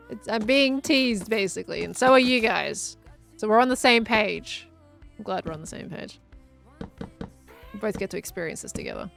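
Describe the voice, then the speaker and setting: A woman's voice: mid-range voice, big pitch swings, normal speed, creaky, long pauses, a bit bright, soft background music. A woman chatting casually on a gameplay livestream, reading viewer messages aloud and answering them as she plays. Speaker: streamer.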